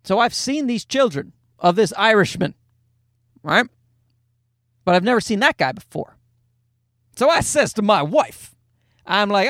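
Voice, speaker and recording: A man's voice: high voice, very animated, measured pace, pauses often, fairly bright tone, no echo, clean studio sound. A male podcast host and stand-up comedian telling a rambling, profane, self-deprecating comic story.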